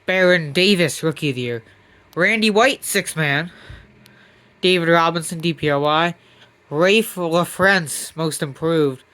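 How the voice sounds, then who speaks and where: Young male gaming commentator, slightly high voice, rambling and self-mocking, casual roster reads. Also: measured pace, bright, forceful tone, clean tone.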